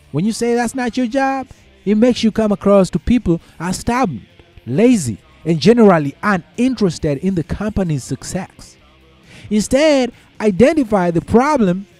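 Male commentator, casual advice talk, a bit high, repeats himself, dry sound with faint music. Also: sing-song, moderate pace, mellow, no echo. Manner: repeats points, checks in with the listener; conversational, uses y'all and folks.

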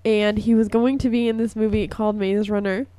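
A young woman hosts a college radio show, chatting in a gushing, filler-heavy way. Her voice is hoarse from a lingering cough. The sound is dry and close, with no room around it. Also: mid-range voice, flat delivery, a little fast, dark tone, dry recording. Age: young adult. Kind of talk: casual radio chat. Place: radio studio.

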